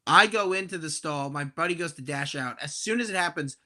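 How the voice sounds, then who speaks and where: A young man in his twenties telling a profane, animated story on a casual podcast. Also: on the high side, fast talker, few pauses. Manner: animated, profane, acts out quoted voices loudly.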